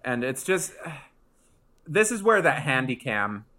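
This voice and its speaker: A man co-hosting a casual chat, retelling a TV episode with animated asides and acting out lines. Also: mid-range voice, unhurried. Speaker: podcast co-host.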